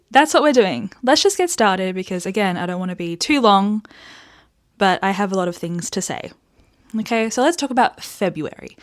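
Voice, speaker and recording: A young Australian woman hosting a casual book vlog, animated and sweary as she rants, with frequent laughs. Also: medium pitch. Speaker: book reviewer host.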